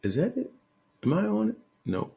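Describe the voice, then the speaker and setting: A man's voice: sits high, huge pitch swings, normal speed, vocal fry, dark tone. A man trading forex, thinking aloud as he marks up charts on screen, correcting himself and muttering as he works. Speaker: forex trader analyzing charts. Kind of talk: live screen-share market analysis.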